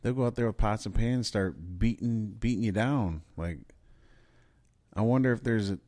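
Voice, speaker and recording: A man's voice: fairly low pitch, moderate pace, darkish tone, no echo, clean studio sound. A man hosting a podcast, talking in a loose, profane, rambling casual chat. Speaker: podcast host.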